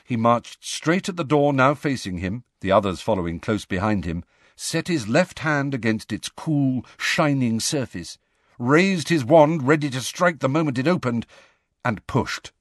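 A man reading a novel aloud as an audiobook narrator, in a measured storytelling manner. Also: mid-range voice, animated, no echo, studio quality. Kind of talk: scripted narration.

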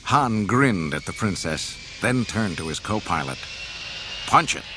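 A man reading a storybook aloud in a dramatic, expressive way. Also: sits low, unhurried, very noisy. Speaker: narrator. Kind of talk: storybook narration.

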